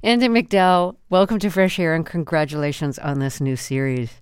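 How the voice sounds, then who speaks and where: A woman radio interviewer narrating a measured, clear introduction before a conversation with her guest. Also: sits low, fairly even intonation, no echo, studio quality.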